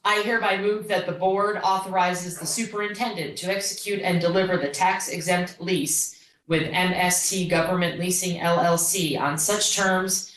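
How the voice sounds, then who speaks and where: Woman board member, lowish voice, plainspoken, picked up from across a roomy hall. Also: steady tone, moderate pace, a bit bright. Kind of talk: reading a formal motion at a public meeting. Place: school board meeting room. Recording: roomy hall audio from a far mic.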